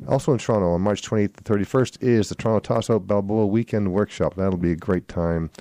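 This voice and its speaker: A man with a lowish, mellow voice talks quickly, with no room sound, while hosting a swing music radio show. Reading event listings, he rambles casually and corrects himself whenever he slips up.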